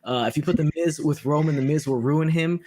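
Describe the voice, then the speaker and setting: A man's voice: on the high side, fairly quick, mellow. A man hosting a casual wrestling talk show, speaking bluntly with lots of swearing and reading out viewer comments. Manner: profane, blunt and laid-back, reads viewer comments. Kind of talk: casual podcast chat.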